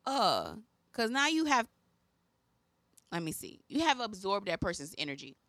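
A woman's voice: mid-range voice, sing-song, moderate pace, a bit bright, no room sound. A woman co-hosting a podcast in casual chat, musing through her point. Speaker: podcast co-host.

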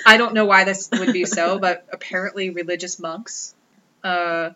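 A woman's voice: medium pitch, pushed and bright, highs cut off. A woman co-hosting a podcast, telling ghost stories in a wry, joking, casual way. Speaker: podcast co-host. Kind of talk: casual chat.

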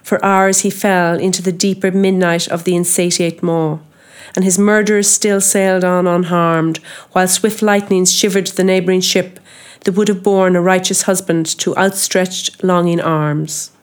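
A woman's voice: on the low side, little pitch movement, normal speed, smooth, natural voice. A woman voicing a brooding, obsessed old sea captain in an audiobook reading, declaiming solemn old-fashioned speech.

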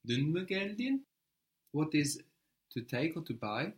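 A man teaching a language lesson, prompting a learner and repeating answers slowly and patiently. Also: a little high, big pitch swings.

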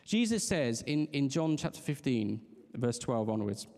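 A man's voice: mid-range voice, big pitch swings, a little slow, darkish tone. A man preaching a sermon in a conversational, earnest way, restarting phrases and laughing lightly as he talks. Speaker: pastor. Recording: long reverb of a large hall.

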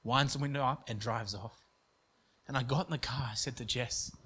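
A man's voice: medium pitch, moderate pace, a bit bright, slight background noise. A young man preaching, telling a story in an earnest way with frequent restarts. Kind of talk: sermon story.

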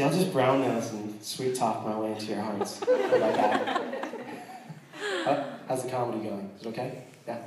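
An American man shares his testimony with a congregation, earnest but quick to joke, often restarting his sentences. He sounds set back from the mic, in a hall with heavy echo. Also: mid-range voice, distant mic, very noisy. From United States. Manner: earnest and joking, with frequent restarts. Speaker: missionary speaking to a church.

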